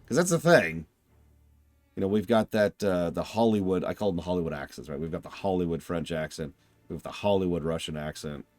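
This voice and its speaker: Joking lowish-voiced game streamer. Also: male voice, quick pace, dark tone, faint music behind. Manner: joking, rambling, self-deprecating. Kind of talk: casual game stream commentary.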